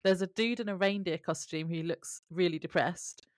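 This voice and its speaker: A woman with a fairly low voice co-hosts a podcast, reading from her notes about a TV episode. She laughs easily as she talks. The sound is dry, with no room echo. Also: moderate pace. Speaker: podcast co-host. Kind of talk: casual chat recapping a TV episode.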